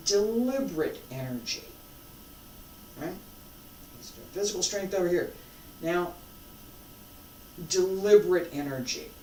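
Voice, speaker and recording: A martial arts instructor teaching a live class, emphatic and repetitive, swinging between loud and hushed. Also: medium pitch, slight background noise. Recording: roomy sound from a distant mic.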